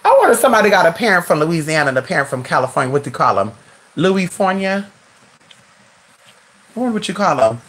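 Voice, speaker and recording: Lively chatty host saying "honey" often. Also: medium pitch, fast, long pauses. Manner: chatty, calls everyone "honey"; talks to their dog between remarks. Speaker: live-stream host. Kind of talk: casual chat with viewers.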